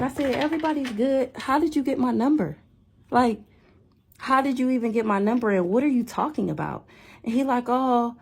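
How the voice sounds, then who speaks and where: A young woman telling a story in a casual vlog rant, animated and incredulous, repeating herself. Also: sits high, fairly quick, creaky, breathy edge. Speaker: vlogger.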